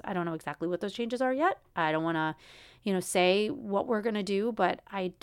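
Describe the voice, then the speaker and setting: A woman in her thirties vents on her own podcast in a frustrated way and often restarts her sentences. Her voice sits at a middle pitch. The sound is dry and close. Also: clear, resonant tone, no room sound. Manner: frustrated, venting, repetitive restarts. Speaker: podcast host. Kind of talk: solo podcast monologue.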